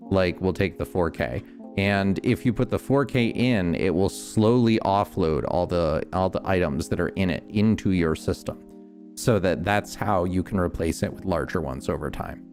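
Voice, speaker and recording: A man streaming a game, calmly explaining each step as he builds and thinking aloud. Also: deep voice, unhurried, faint music behind. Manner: relaxed, many ums and restarts. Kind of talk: casual gameplay commentary.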